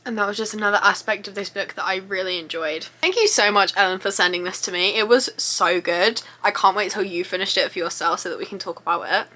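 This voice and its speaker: Young female book vlogger, bright and forceful tone, gushing and chatty delivery. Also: medium pitch, fast talker, hardly any pauses. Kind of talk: casual reading vlog updates.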